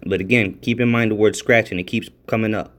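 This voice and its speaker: A man's voice: on the low side, fairly quick. Guy rambling through a bible word study, keeps saying all right, gets more worked up as he goes. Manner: repetitive, rambling, frequent "all right?" checks; grows emphatic and excited while reading out definitions. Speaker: religious video commentator. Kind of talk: casual Bible study commentary.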